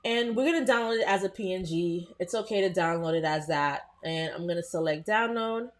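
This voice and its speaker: A woman hosting a live software tutorial, talking casually to her viewers with frequent "um" and "like" as she works. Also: fairly low pitch, a little fast. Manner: chatty, addresses viewers as "you guys", frequent "um" and "like". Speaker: host.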